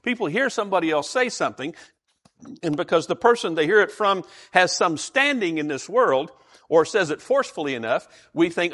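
A male preacher delivering a conversational sermon, often pausing to question his listeners or slip in a joke. His voice sits fairly high and swings widely in pitch, giving it a very animated feel. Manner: conversational, asks the audience questions, tells jokes.

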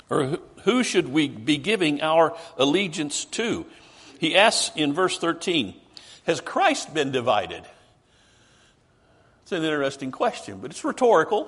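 A man preaching a sermon emphatically, asking rhetorical questions and slowing down for stress. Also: a little high, breathy edge.

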